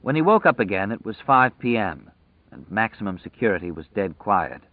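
A man narrating a story in a measured, vivid storytelling manner, over tinny phone-like audio. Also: on the low side, big pitch swings, no echo. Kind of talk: scripted narration.

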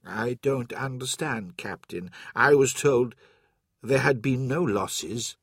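A man's voice: mid-range voice, slow pace, breathy edge, dry recording. A subdued male official, played by a man narrating a story speaks in a small, hesitant voice. He sounds shaken and holds back, and the sound is dry and close. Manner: hesitant and quiet.

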